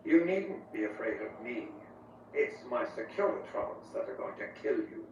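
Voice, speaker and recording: Mr. House, imperious tycoon. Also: male voice, mid-range voice, sing-song, normal speed, darkish tone. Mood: menacing. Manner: imperious, possessive. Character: cold, proud tycoon man ruling from a screen. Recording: echoey game audio from far off, dull and hissy.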